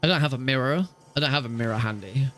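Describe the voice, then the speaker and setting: A man's voice: mid-range voice, fast talker, a bit bright. A young man streaming a speedrun, explaining tricks in a rambling way with many fillers and restarts. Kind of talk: live stream game commentary.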